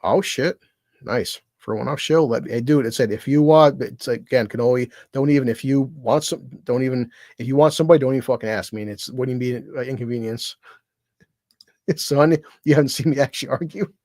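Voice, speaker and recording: A man's voice: medium pitch, a little fast, darkish tone, dry recording, studio quality. A man hosting his own livestream, talking in a loose, profane, rambling way and laughing often. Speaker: streamer. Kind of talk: casual livestream chat.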